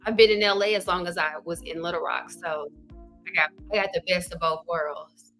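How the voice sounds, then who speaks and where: Southern woman, middle-aged, energetic livestream host, bright and forward tone. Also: on the low side, moderate pace, faint music behind. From Arkansas. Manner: chatty, energetic, greets viewers by name, says "y'all" and "child". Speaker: love coach and livestream host. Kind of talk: casual livestream chat.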